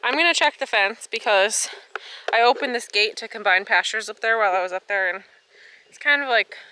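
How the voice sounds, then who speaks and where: A young American woman vlogging casually on her farm, chatty and excitable, a little out of breath. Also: on the high side, fairly quick, clean tone, no room sound. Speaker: farmer vlogger. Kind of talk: casual vlog narration. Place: outdoors on a farm.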